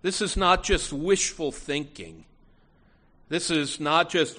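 Slow, earnest male preacher. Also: sits high, very animated, pushed and bright. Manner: earnest, emphatic, with frequent restarts and "you know". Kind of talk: sermon.

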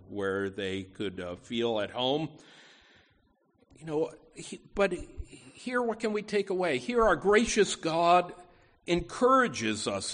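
A man preaching a sermon, emphatic, often adding "you know" asides, with words that swell and drop. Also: mid-range voice.

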